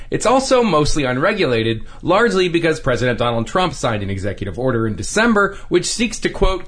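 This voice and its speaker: A man's voice: on the high side, a bit bright. Male radio reporter filing a story. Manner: clear, measured narration. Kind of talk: scripted news report.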